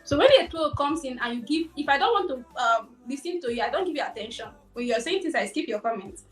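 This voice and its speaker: A woman's voice: sits high, lively intonation, quick pace. A woman streamer speaking as a podcast guest, earnest and reflective, recorded on a distant, echoey mic with faint music underneath. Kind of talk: live podcast conversation.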